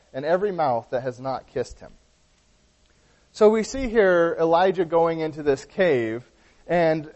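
A man with a fairly high voice preaches a sermon, explaining a Bible passage earnestly and often stopping to rephrase. His words ring out in a church hall with a long reverb. The recording is dull and lo-fi. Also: dark tone. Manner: earnest Bible teaching with frequent restarts.

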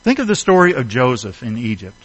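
A man's voice: mid-range voice, big pitch swings, fairly quick, poor audio. A middle-aged man preaching a sermon, earnest and emphatic, asking his listeners rhetorical questions. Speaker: pastor.

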